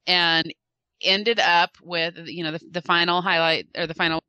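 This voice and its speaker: Woman, lowish pitch, bright forceful tone, lively fan recounting an event, dry sound. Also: moderate pace, clean tone, no echo. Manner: animated, acts out quotes with shifting voices. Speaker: fan recounting a convention panel. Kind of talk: casual storytelling chat.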